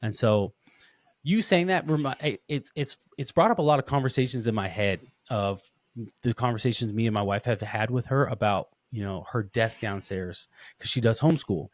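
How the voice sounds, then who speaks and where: Male podcast host, mid-pitch voice, rambling and animated, close dry mic. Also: moderate pace, dry recording. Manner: rambling, animated storytelling with many restarts. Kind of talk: casual interview chat.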